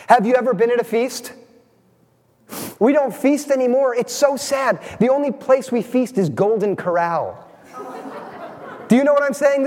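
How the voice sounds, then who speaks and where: A man's voice: sits high, darkish tone, big-room sound. A man preaching a sermon as pastor, engaging his congregation with frequent questions.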